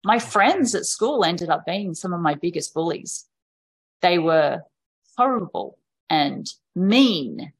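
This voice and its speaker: Her voice sits on the low side, expressive and slow with a breathy edge. As a podcast guest, she tells stories frankly and casually, frequently performing the voices of parents and kids she quotes.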